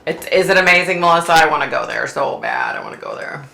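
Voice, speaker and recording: Woman, psychic medium host, casual livestream chat, low gravelly voice, bright edge, echoey room. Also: wildly swooping pitch, fast talker. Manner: chatty, laughs often, reads comments aloud. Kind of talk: casual chat reading viewer comments.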